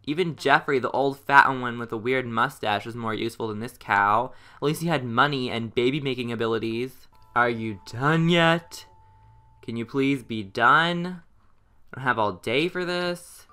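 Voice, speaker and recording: Bright, crisp-voiced man griping over a game. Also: mid-range voice, lively intonation, normal speed, soft background music. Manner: exasperated, sarcastic running commentary. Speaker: gaming channel host. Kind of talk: let's play commentary.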